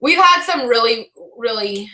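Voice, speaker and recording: A woman's voice: a little high, animated, measured pace, pushed and bright, roomy sound. A woman vlogger telling a story in a casual, chatty way, filling her talk with "like" and often breaking into laughter.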